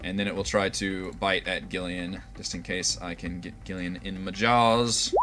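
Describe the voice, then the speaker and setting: A man narrating and running a tabletop game as dungeon master, relaxed and laughing often. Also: low-pitched, moderate pace, faint music behind.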